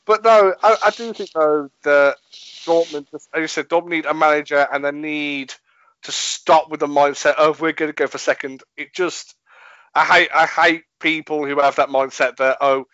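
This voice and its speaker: A man's voice: a little high, fairly even intonation, normal speed, fairly bright tone, no echo, muffled recording. A man hosting a casual football podcast, blunt and swearing, laughing often. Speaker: podcast host.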